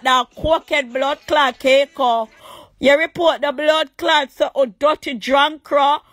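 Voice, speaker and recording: Jamaican woman, livestream rant, high voice, dry close sound; taunting, crude, shouts at times. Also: dry recording. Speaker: livestream host. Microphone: phone.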